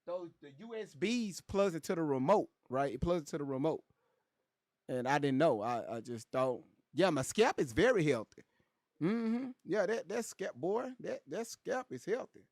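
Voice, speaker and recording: A man hosting a casual livestream, reading chat aloud and joking around in a loud, animated way. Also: a little high, moderate pace, no room sound, clean studio sound.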